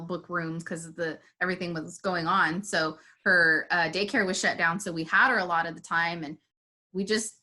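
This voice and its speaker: A young adult woman, a podcast guest, telling stories in relaxed chat and laughing often. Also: on the low side. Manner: laughing, chatty storyteller. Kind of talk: casual chat.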